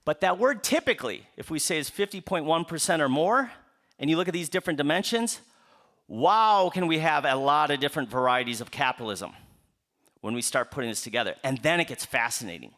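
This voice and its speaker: A man gives a public book talk. His voice sits somewhat high for a man and swings widely in pitch. He asks rhetorical questions and answers them himself, with playful asides aimed at the audience. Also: expressive, a little fast, fairly bright tone. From Upper Midwest United States. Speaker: author giving a book talk. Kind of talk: public lecture to a live audience.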